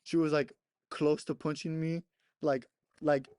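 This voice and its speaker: A man's voice: on the high side, flat delivery, measured pace, darkish tone, smooth, no room sound. A young man casually telling a rambling story on a podcast, laughing often and swearing between many "like" fillers. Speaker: podcast co-host.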